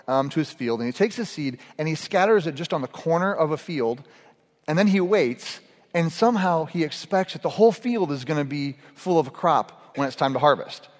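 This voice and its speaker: Man preaching in an echoey hall. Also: on the high side. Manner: casual, storytelling with humor. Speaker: pastor. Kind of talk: sermon.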